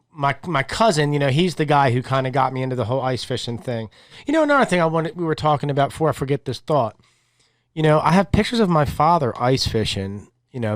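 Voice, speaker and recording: A man hosting a podcast, telling a long story in a rambling, animated way, often repeating words and chuckling mid-sentence. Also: medium pitch, no room sound, clean studio sound. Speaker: podcast host. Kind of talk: casual chat.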